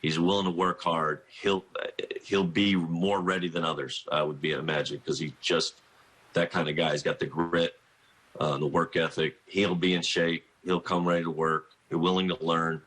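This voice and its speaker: Guest spot: middle-aged coach, deep husky voice, rambling storyteller who keeps restarting. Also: male voice, flat delivery, normal speed, fairly bright tone. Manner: rambling, self-interrupting, laughs through anecdotes. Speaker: college basketball coach, guest. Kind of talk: phone-in radio interview, storytelling.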